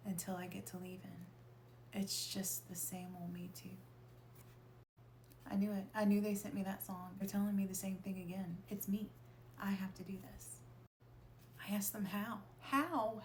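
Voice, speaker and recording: Woman telling her own story, raspy low voice, kinda flat, slips into whispers a lot. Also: slight background noise. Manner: emotional, often drops into a hushed whisper, swears for emphasis. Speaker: storyteller sharing a personal experience. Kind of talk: confessional personal storytelling.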